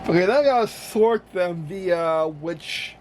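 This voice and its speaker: A man's voice: sits high, slow. A man casually talking to himself while building with Lego, rambling and correcting himself often. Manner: rambling, self-correcting, talks to himself while sorting pieces. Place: room with an air conditioner running. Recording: noisy room with air conditioner hum.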